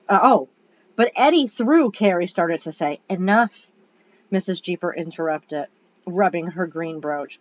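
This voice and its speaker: A woman reads a children's chapter book aloud in a relaxed, chatty way, tripping over a word now and then and fixing it. Her voice sits fairly low, and the recording sounds dull and lo-fi. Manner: casual and chatty, stumbles and corrects herself mid-sentence. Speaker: storybook reader.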